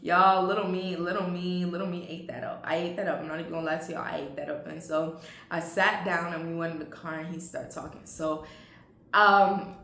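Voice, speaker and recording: A woman's voice: lowish voice, level tone, a little fast, a bit bright. A young adult woman telling a storytime vlog, chatty and laughing, talking straight to her viewers. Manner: chatty, addresses viewers as y'all, laughs often. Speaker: vlogger. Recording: roomy echo.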